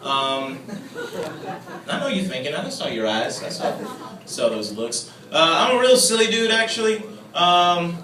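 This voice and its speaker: A young man doing a self-mocking stand-up comedy set, swinging between low asides and loud mock outbursts. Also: big pitch swings, a little slow, a crowd in the background. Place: comedy club stage with audience. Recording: echoey, distant, room noise.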